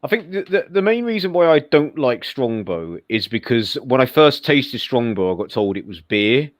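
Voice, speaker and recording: A man's voice: mid-range voice, big pitch swings, normal speed. A man co-hosting a football watchalong, telling rambling stories with stammers and restarts. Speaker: co-host of fan watchalong. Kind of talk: casual chat.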